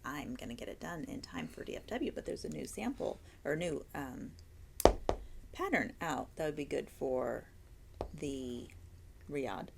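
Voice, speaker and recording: A woman hosting a relaxed chat, her voice low and gravelly with a fry at the ends of phrases. She talks in a chatty, gushing way, piling up words of praise. A faint hiss of noise sits behind her. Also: unhurried. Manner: chatty, enthusiastic, gushing about yarn. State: hiccups and tired. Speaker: yarn shop owner and host. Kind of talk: casual interview chat.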